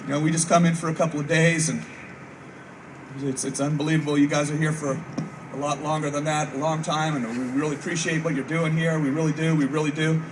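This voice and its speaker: Guy in his 30s rambling through a stand-up set, kinda high voice, sounds far off with noisy outdoor base ambience. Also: flat delivery, fairly quick. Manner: rambling storytelling, acts out voices, frequent swearing. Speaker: comedian. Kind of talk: stand-up comedy for troops. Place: outdoor military base show. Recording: far-off mic, noisy open-air ambience.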